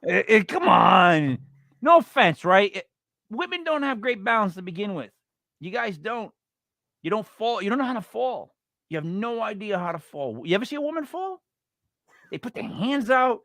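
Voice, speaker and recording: Blunt, rambling man with a bright voice. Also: high-pitched, big pitch swings, normal speed, dry recording, clean studio sound. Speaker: podcast co-host. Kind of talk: casual true-crime chat.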